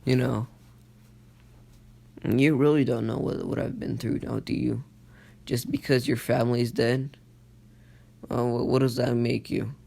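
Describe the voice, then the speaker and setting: A brooding teenage demon boy from a fan-told anime story, cold and taunting, dropping into low, menacing lines, as a man puts him on. The voice has a gravelly, creaky edge. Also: little pitch movement, unhurried, pauses often, darkish tone.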